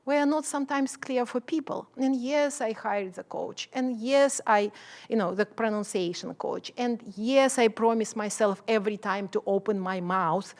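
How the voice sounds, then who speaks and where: A passionate middle-aged woman delivers a keynote in English that is not her first language. Her voice sits a little high, and her non-native phrasing comes through as she presses her points home. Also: normal speed, darkish tone. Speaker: professor giving a keynote. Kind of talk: keynote speech.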